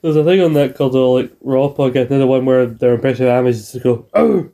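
Guy on a podcast, dark mellow voice, swears a lot, rambles. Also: medium pitch, steady tone, quick pace. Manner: swears freely, rambling with restarts. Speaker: podcast co-host. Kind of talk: casual chat.

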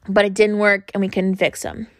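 A young woman hosting a podcast, talking frankly and earnestly in a casual monologue, often pausing on fillers. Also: medium pitch, completely flat delivery, no room sound, studio quality. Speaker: podcast host.

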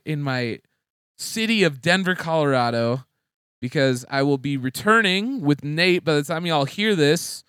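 A young man co-hosting a casual comedy podcast, rambling and excitable, laughing often. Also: on the high side, clean tone, no echo, studio quality. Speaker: podcast co-host.

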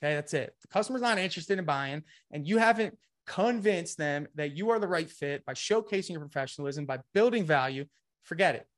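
Man, somewhat high voice, energetic webinar presenter, slightly winded, coaching style. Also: brisk. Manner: energetic, repeats "okay" and "guys". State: a bit winded. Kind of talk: live webinar sales presentation.

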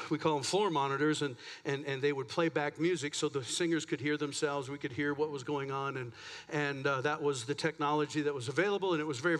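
A man's voice: on the high side, a bit bright. A man pastor preaching a sermon in a church, chatty and self-deprecating, a bit out of breath. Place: church sanctuary.

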